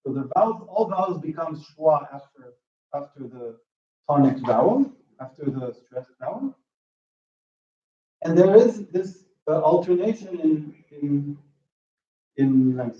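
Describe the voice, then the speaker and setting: Halting lecturer man, roomy distant sound. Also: fairly high pitch, lively intonation, darkish tone. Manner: halting, restarts, checks with "okay?". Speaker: linguistics lecturer. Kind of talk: academic talk with questions. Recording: roomy lo-fi hall recording from afar.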